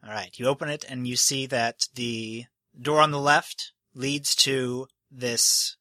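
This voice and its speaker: A man's voice: medium pitch, steady tone, takes it slowly, pushed and bright, dry recording. A man narrating as game master for a tabletop game, casual and often laughing.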